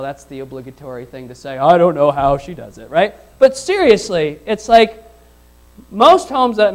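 A man's voice: sits high, rough recording. A male pastor preaching a sermon in a conversational way, asking the congregation questions and repeating his phrases.

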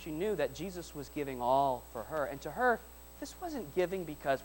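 A man with a fairly high voice preaches a sermon to his church congregation. His delivery swings from hushed asides to loud, driving repetitions that climb in force. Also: very animated, moderate pace, faint music behind, poor audio. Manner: builds repeated lines into loud emphatic peaks; drops to soft, quiet asides between peaks. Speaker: pastor. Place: church service before a congregation.

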